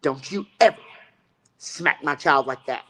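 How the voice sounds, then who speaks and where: A man's voice: a little high, a little slow, a bit bright, rough recording. A man telling a rambling, profane story about fighting and coaching in a casual interview.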